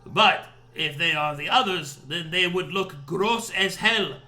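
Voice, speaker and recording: Sly fancy gator guy w/ fake french accent, a man doing it, high bright voice. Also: a little slow, heavily acted. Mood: sly courteous. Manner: theatrical, courteous, chuckling. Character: suave sly male gator informant.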